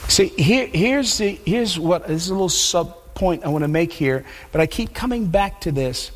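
A man preaching a sermon in a conversational, animated storytelling way, often repeating himself. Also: high voice, normal speed, few pauses, in a large hall.

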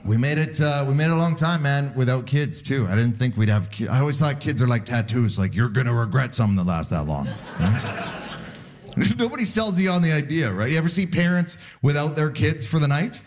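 A man in his 40s performs a stand-up comedy routine in a mid-range voice, talking a little fast. His storytelling is animated, and he acts out the voices of the characters.

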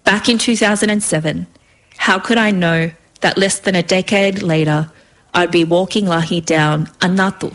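A woman's voice: fairly low pitch, fairly even intonation, moderate pace. A woman reading her own story aloud in a vivid, rhythmic way. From Australia.

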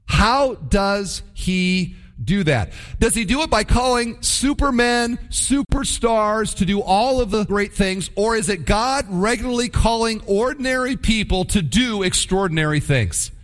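A male pastor delivering a sermon with emphatic, animated storytelling. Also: sits high, a little slow, hardly any pauses.

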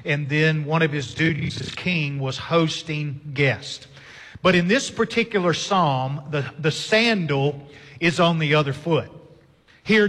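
A man preaching a sermon, earnest and measured, with repeated phrases. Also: high voice, a bit bright, long reverb tail. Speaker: pastor.

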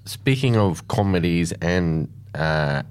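A man's voice: sits low, expressive, slow pace, smooth. A man, co-hosting a casual radio chat and asking curious, joking questions. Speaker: radio co-host.

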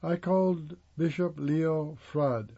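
A man reading a magazine profile aloud in the first person, with a plain, steady delivery and pauses between phrases. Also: a little high, muffled recording.

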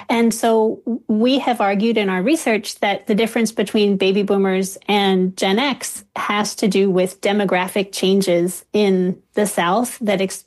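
Woman, linguist guest, measured academic explaining, mid-pitched voice, frequent fillers. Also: a little mellow. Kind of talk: explanatory radio interview.

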